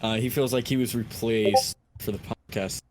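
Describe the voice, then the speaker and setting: A man's voice: fairly low pitch, steady tone, normal speed, darkish tone. Blunt, swearing man on a podcast. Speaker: podcast co-host. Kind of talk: casual chat.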